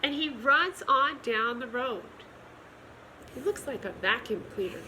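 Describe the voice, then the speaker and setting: A woman reading a children's picture book aloud in a gentle, expressive storytime manner. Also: a little high, a little slow, noisy background. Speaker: storytime reader.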